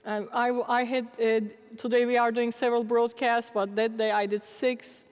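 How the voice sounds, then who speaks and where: A middle-aged woman preacher telling animated, laughing stories in a sermon. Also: fairly high pitch, normal speed, clean tone. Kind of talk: storytelling sermon. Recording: long hall reverb.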